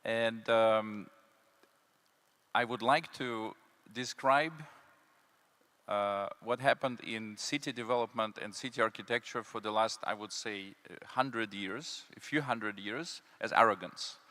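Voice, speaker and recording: A man's voice: fairly low pitch, a little slow, bright, forceful tone. A man speaking on a conference panel as a city development consultant, emphatic, repeating key words, with many fillers. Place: conference hall.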